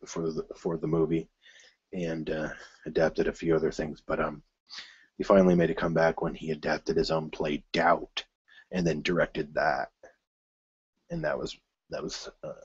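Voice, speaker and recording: Deep-voiced man chatting about film news. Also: a little slow, breathy edge, no room sound, muffled recording. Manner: rambling, with many fillers and restarts; bursts of excitement at news items. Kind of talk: casual solo film news commentary.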